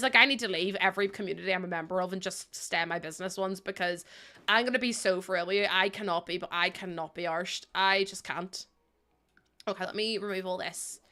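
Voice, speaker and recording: Chatty bright-voiced young woman. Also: mid-range voice, fairly quick. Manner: chatty, rambling storyteller who laughs often. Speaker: game streamer. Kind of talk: casual chat while streaming. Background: faint background music.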